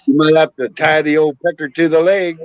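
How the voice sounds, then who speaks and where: A man's voice: on the high side, steady tone, fairly quick, no room sound, muffled recording. A man chatting casually, blunt and joking about bikes. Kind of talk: casual chat.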